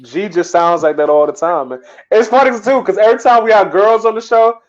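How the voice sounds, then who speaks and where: A man co-hosting a podcast, chatting casually with relaxed slangy banter. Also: high-pitched, fairly quick, muffled recording. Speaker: podcast co-host. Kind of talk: casual chat.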